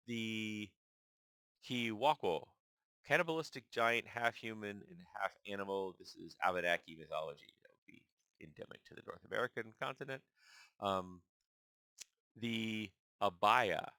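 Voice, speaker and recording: Man, low voice, bright and forceful tone, casual thinking aloud, halting over hard names. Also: clean tone, dry recording. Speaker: channel host. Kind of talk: casual musing while reading a list aloud.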